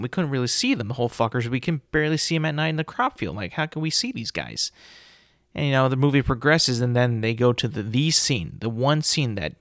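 A man hosts his own podcast in a loose, rambling monologue. He piles up fillers and restarts and swears now and then while he retells a scene. His voice sits at an ordinary middle pitch, recorded close and dry with no room sound. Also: a bit bright, no room sound. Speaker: podcast host.

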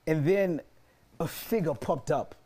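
A man's voice: on the high side, measured pace, mellow, slightly rough. A man preaching a sermon and telling a personal story, repeating his phrases for emphasis.

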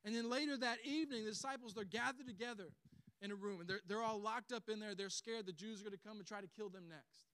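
A man preaching a sermon as pastor. He tells the story in an animated way and chuckles often. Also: high voice, quick pace, smooth, no echo.

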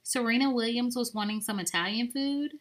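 A woman's voice: on the high side, brisk. A woman co-hosting a podcast in a casual, rambling chat, with lots of "like" fillers. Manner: chatty and rambling, with many "like" fillers. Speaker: podcast co-host.

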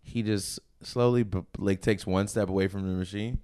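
A man's voice: lowish voice, moderate pace, smooth. A man, a guest on a casual podcast, telling stories and acting out what people said, laughing often. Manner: lively storyteller who acts out people's voices and laughs a lot. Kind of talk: casual storytelling chat.

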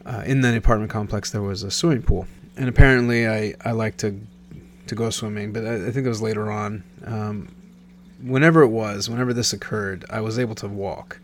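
A man's voice: on the low side, fairly even intonation, brisk, a little hiss or hum. A man in his thirties, from Nebraska, rambling through a casual personal story and often correcting himself mid-sentence. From Nebraska, USA. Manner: rambling, self-correcting, many restarts.

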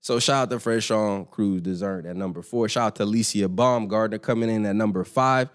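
A man hosting a casual live boxing stream, talking straight to his viewers in an animated, slangy way. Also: on the low side, fairly quick, smooth. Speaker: boxing podcast host.

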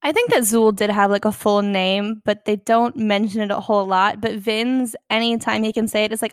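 A young woman chatting casually about a film, animated and acting out quotes. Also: mid-range voice, normal speed, hardly any pauses, clean tone, dry recording, clean studio sound. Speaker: podcast co-host.

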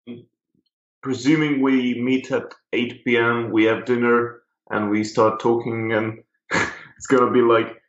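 A man's voice: medium pitch, level tone, a little slow. A man with an Italian accent chatting hesitantly on a podcast, with many fillers. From Italy. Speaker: podcast guest. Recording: dull, echoey remote audio with faint hiss.

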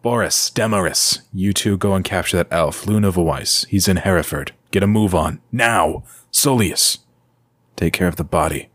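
Guy doing a gaunt vampire henchman, fawning and a bit higher than the narrator, dry sound. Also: fairly quick, few pauses, a bit bright, husky, dry recording. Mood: barking. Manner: servile, then barking orders. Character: cringing gaunt male vampire lieutenant. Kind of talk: audio story reading.

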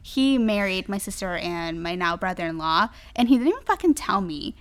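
A woman in her thirties co-hosting a casual podcast, blunt and animated, swearing freely as she tells family stories. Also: mid-range voice, normal speed. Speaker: podcast co-host. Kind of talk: casual chat.

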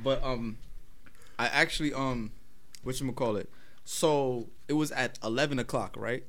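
A young man, hosting a casual podcast chat, talking haltingly with many fillers and restarts and laughing often. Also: medium pitch, fairly bright tone. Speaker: podcast host.

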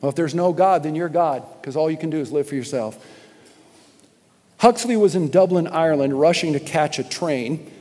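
A man preaching a sermon as pastor, impassioned, swinging from shouts down to quiet, probing questions. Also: fairly high pitch, lively intonation, brisk. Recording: music and long hall reverb.

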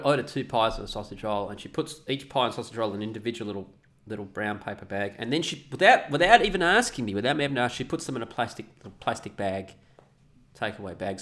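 A man's voice: on the low side, a bit bright. A middle-aged man telling a story and ranting casually, swearing a lot. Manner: profane, ranting, mocking voices. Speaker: vlogger.

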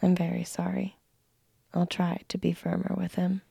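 A woman voicing a timid, apologetic young mother who answers quickly, in a whispered role-play. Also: on the low side, monotone, gravelly, warm tone, slightly rough, no echo, studio quality, full character voice. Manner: hurried, apologetic.

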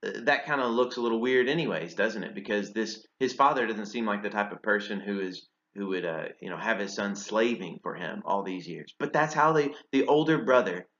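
A man's voice: fairly low pitch, fairly quick, hardly any pauses, a bit bright. Man preaching in a roomy space. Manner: conversational, asks rhetorical questions, uses fillers. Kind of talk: sermon. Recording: roomy and slightly dull sound.

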